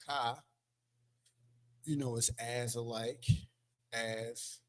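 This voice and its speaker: A man's voice: mid-range voice, steady tone, extremely slow. A man teaching a language lesson from a board in a loose, conversational way, full of fillers and repeated words. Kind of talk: teaching from a board, casual lecture. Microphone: streaming setup.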